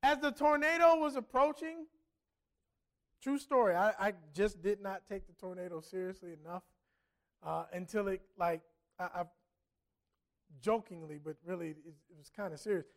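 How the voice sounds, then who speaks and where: Middle-aged male pastor with a very high voice, delivering a storytelling sermon with emphatic dynamics. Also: normal speed, pauses often. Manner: storytelling, emphatic swings between loud and soft.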